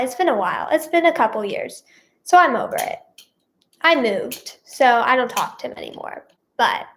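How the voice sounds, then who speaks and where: A teenage girl with a high, youthful voice chats to her viewers in a slow, meandering way. She fills every pause with "like", "um" and "yeah" as the story drifts along. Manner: rambling, heavy with "like" and "yeah" fillers. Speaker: vlogger and singer. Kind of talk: casual storytime chat to camera.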